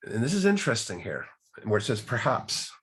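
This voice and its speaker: A man's voice: lowish voice, sing-song, fast talker, slight background noise. A man leading a recovery group study, teaching earnestly from the text with rhetorical questions and repeated key words.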